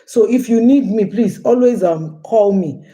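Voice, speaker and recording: A woman's voice: medium pitch, unhurried, warm tone. A woman from Nigeria hosting a casual livestream, chatty and storytelling, often calling her viewers "guys" and repeating phrases. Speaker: livestream host.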